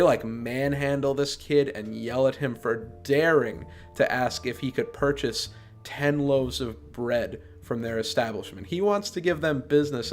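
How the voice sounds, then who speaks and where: A man hosting a podcast, giving a casual, sarcastic and exasperated review of a movie. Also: mid-range voice.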